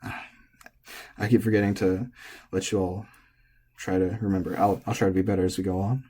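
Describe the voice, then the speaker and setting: A man teaching pitch in a relaxed, casual lesson, thinking aloud as he goes. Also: a little fast, husky. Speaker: language teacher.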